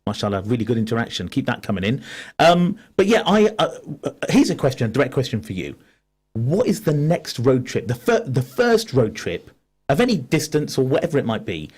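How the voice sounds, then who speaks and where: Husky-voiced male radio host. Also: medium pitch, fairly quick. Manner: lively, reads out listener messages, laughs often. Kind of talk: casual radio banter.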